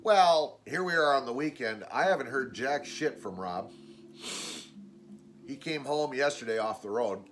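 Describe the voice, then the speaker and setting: A man's voice: lively intonation, unhurried, a bit bright. A man telling a story in a casual vlog, blunt and exasperated, swearing freely and acting out what other people said. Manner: acts out quoted people with raised pitch. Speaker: vlogger.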